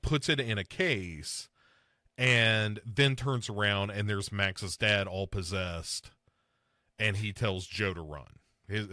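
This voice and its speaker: Male podcast host, casual and animated, bright forceful voice, dry close mic. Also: no echo. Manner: animated, swings pitch up to mock and mimic film characters. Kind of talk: casual chat reviewing a film.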